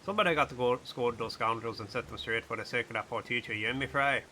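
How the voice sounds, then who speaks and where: A man's voice: mid-range voice, fast, pushed and bright, a little hiss or hum, lightly acted. A man voicing a chatty male fish who passes on island gossip in a put-on Jamaican-sounding accent. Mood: gossipy.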